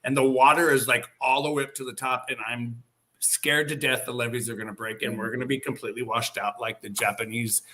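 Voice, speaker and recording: A man hosting a casual live video-call chat, talking in a rambling, animated way with many fillers. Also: mid-range voice, brisk. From Northern California. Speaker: host.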